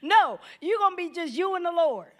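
A woman's voice: very high voice, expressive, normal speed. A woman preaching a sermon in a conversational, humorous way, speaking straight to her listeners and acting out everyday scenes. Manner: conversational, addresses listeners directly.

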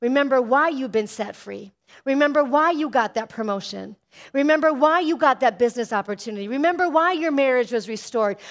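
A woman pastor preaching with a high, bright-toned voice. She exhorts her listeners, tossing in call-and-response asides and playfully voicing everyday people. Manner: acts out congregation voices in quoted asides. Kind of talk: sermon.

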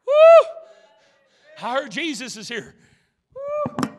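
A man preaching an impassioned sermon, acting out voices and swinging from shouts to hushed lines. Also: very high-pitched, normal speed, big-room sound, noisy background. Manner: dramatic, acts out the beggar's inner voice, swings from shouting to hushed.

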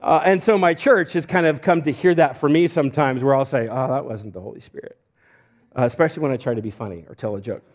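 Casting note: middle-aged male pastor from Idaho, slightly high voice, loose conversational preaching full of restarts and little jokes. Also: quick pace, few pauses. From Idaho, United States. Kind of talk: sermon.

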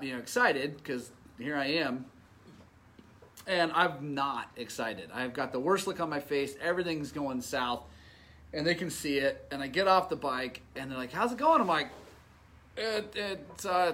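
A middle-aged man casually telling a race story, animated and self-mocking, laughing often. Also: a little high. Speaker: off-road motorcycle racer telling a race story.

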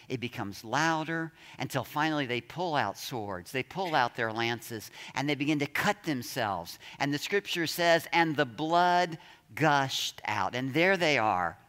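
Male pastor, dramatic sermon delivery, lively and unhurried, bright tone, echoing sanctuary. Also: mid-range voice. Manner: dramatic, reads scripture aloud and acts out shouts.

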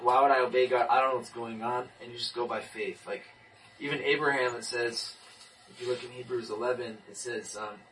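Animated young man, bright distant voice. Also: mid-range voice, slight background noise. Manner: animated storyteller, restarts and repeats. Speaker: person giving a testimony. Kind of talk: casual testimony in a group talk. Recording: distant mic.

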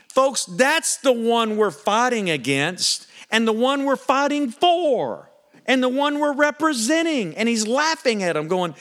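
A man preaching a sermon, animated and emphatic, swinging between loud punchy lines and quiet earnest ones. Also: very high voice, measured pace.

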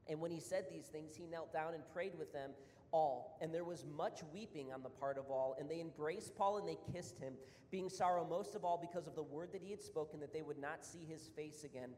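Fairly quick and warm, this slightly high male voice belongs to a pastor delivering a sermon: he reads scripture, then expounds on it with earnest emphasis, a bit breathless, repeating himself emphatically. A faint hiss or hum sits under the long hall reverb.

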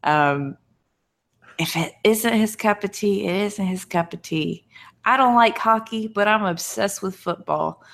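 A woman's voice: mid-range voice, unhurried, creaky, fairly bright tone. A woman guest on a casual gaming podcast, blunt and teasing, laughing between points.

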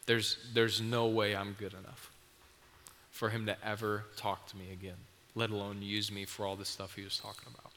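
A preacher puts on a hesitant, self-doubting fisherman weighed down by guilt. His voice is low and bright. It carries a long hall reverb and a faint hiss behind. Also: little pitch movement, moderate pace. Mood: defeated. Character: Peter, ashamed fisherman full of guilt.

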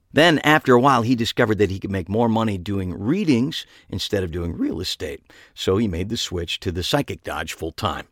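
A man reading a first-person story aloud as a podcast co-host, with a dry, wry manner. His voice is low but moves through a lively pitch range. The recording is close and dry. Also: normal speed, no room sound.

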